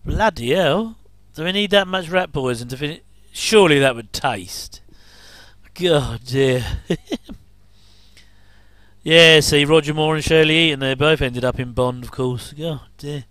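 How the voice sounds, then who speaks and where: A man's voice: on the high side, a little slow, fairly bright tone, no echo. A man giving a casual, rambling commentary over an old TV episode, with frequent chuckling asides.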